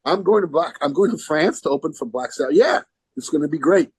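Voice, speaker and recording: Speaking fast in a slightly rough, somewhat high voice, a male musician guesting on a podcast rambles through an anecdote, starting over now and then and voicing the characters he quotes with animation. The rough recording carries no room sound.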